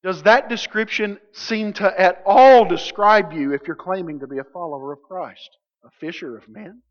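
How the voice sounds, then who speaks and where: A man's voice: sits high, normal speed. A man preaching a sermon as pastor, conversational and jokey, acting out quotes from his listeners. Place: church sanctuary. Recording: dull sound with long hall reverb.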